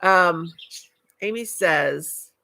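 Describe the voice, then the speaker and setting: Chatty older woman with a gravelly voice. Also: on the low side, extremely slow, pushed and bright. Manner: chatty, affectionate, calls viewers darling and honey. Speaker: livestream host. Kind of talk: casual live-stream chat reading comments.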